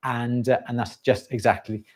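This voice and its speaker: A man hosting a live stream, answering viewers' questions with relaxed, practical explanations and frequent fillers. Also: mid-range voice, normal speed. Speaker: jewellery-making host answering questions.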